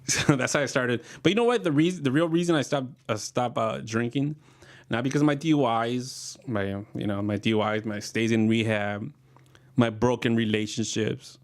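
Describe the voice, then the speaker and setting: Gravelly man telling rambling comic stories. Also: medium pitch, moderate pace. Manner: rambling, profane, laughing storyteller. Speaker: comedian. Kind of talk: casual comedic storytelling.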